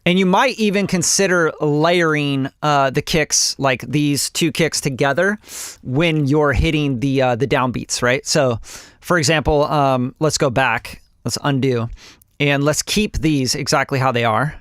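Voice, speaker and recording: A man's voice: on the high side, unhurried, a bit bright, clean tone, no room sound, clean studio sound. A man teaching music production on a casual live stream, loose and chatty with lots of fillers, humming drum rhythms and swearing offhandedly.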